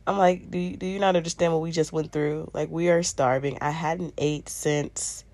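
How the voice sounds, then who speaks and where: A woman's voice: sits low, fairly even intonation, normal speed, darkish tone, no echo. A young woman vlogger casually recounting a personal story, full of "um" and "I'm like" asides. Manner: conversational, frequent "um" and "I'm like" quoting.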